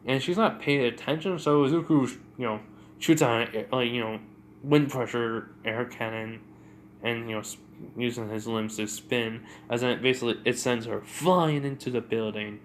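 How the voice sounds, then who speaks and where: A man's voice: mid-range voice, moderate pace, slight background noise. A man casually retelling a fan-made story in a rambling way, full of fillers.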